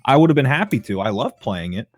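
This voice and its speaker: A man with a mid-pitched voice rants bluntly about a game, swearing freely. Faint music plays behind him. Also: sing-song, fast talker, no echo. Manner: blunt, profane ranting. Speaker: podcast co-host. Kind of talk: casual gaming chat.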